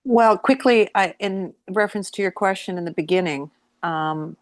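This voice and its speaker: A woman from Newfoundland and Labrador, Canada, sharing in a workshop over a video call and searching haltingly for words. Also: lowish voice, dry recording. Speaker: workshop participant.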